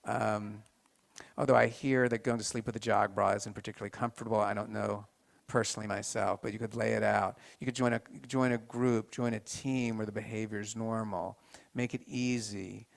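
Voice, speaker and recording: A man giving an informal health talk to a live group, halting with many restarts and turning to the audience with questions. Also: on the low side, level tone, gravelly.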